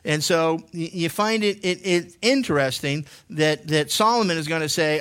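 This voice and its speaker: A man's voice: a little high, normal speed, a bit bright, clear, resonant tone. A male pastor from Massachusetts teaching a sermon in a chatty, joking storytelling way, full of restarts and asides. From Massachusetts, USA. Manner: jokey, conversational storytelling with many restarts.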